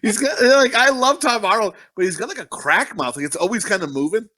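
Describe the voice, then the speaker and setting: A man's voice: high-pitched, lively intonation, fairly quick, bright, forceful tone. A man co-hosting a movie review podcast, joking crudely with lots of swearing and frequent laughter. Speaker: podcast co-host. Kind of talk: casual movie review chat.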